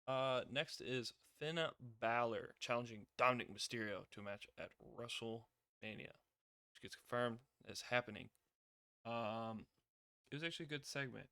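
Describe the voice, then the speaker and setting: A young man casually reviewing a wrestling show, rambling with many fillers and getting loud when excited. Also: mid-range voice, clean tone, no room sound, studio quality.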